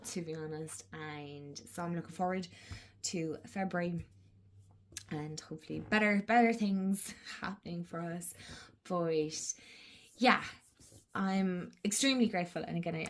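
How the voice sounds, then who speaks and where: A woman chatting casually to camera, rambling and giggling, slipping into whispers. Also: on the low side. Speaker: journaling channel host.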